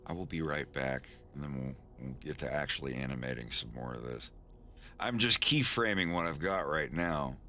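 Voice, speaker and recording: A man's voice: extremely low pitch, animated, normal speed, bright, forceful tone, a little hiss or hum. A man casually chatting on a live stream while he animates, rambling with stammered restarts and frequent chuckles. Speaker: animator streaming his work.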